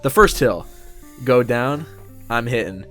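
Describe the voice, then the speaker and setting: A young man co-hosting a podcast, telling a story in casual chat, animated and swearing freely as he acts out what people said. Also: mid-range voice, takes it slowly, loud music behind the voice. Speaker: podcast co-host.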